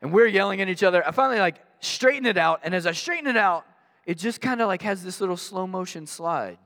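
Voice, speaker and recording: A man's voice: high-pitched, fast talker, vocal fry. Guy preaching, tells stories with lots of energy, voice echoing round a big hall. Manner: animated storyteller, acts out voices in anecdotes. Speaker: guest pastor. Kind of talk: storytelling sermon. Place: church sanctuary. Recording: long reverb of a large hall.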